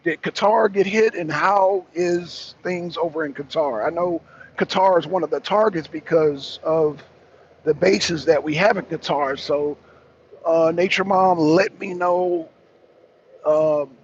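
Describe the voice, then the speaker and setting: A man, hosting a casual live-stream talk and chatting loosely with his viewers. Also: a little high. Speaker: talk show host. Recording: dull lo-fi stream with faint noise.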